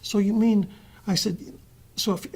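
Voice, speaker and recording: A man's voice: sits high, steady tone, a little slow, darkish tone, slightly rough. A male actor and panel guest telling a story, acting out the dialogue in changing voices, with frequent restarts. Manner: restarts and trailing phrases.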